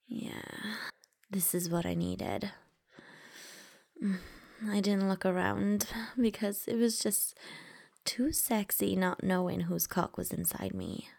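A woman reading a first-person story aloud in a soft, intimate whisper. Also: medium pitch, lively intonation, slow pace, creaky, pauses often.

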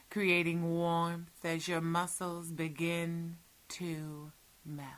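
A woman in a whispered role-play, giving soothing, commanding hypnotic instructions and often sinking into breathy whispers. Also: lowish voice, monotone, extremely slow, a bit bright. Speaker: hypnosis audio performer.

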